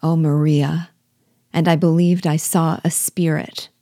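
A woman's voice: low-pitched, flat delivery, measured pace, warm tone, no room sound, studio quality. A woman reading a plaintive exiled king's song. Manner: plaintive, sorrowful, growing menacing. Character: mysterious man, a plaintive exiled former king.

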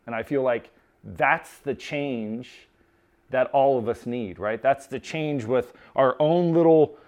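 A man preaching in a relaxed, conversational way, telling stories with many restarts and casual asides. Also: medium pitch, slow. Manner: informal, lots of restarts and "like". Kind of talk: conversational sermon storytelling.

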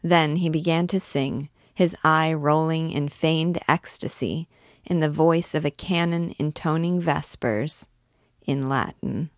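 A woman reading a classic novel aloud in a measured, expressive way. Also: low voice, no room sound, studio quality. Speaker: reader and guide.

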